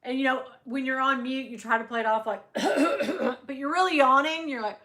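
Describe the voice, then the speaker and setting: A middle-aged woman hosting a casual livestream, chatty and quick to swear and laugh. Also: sits high, pushed and bright. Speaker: livestream host.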